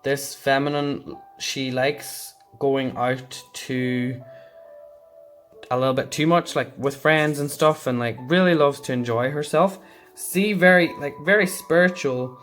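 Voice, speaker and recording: A man giving a casual tarot reading, thinking aloud and meandering with frequent pauses. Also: medium pitch, fairly bright tone, soft background music. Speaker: tarot card reader.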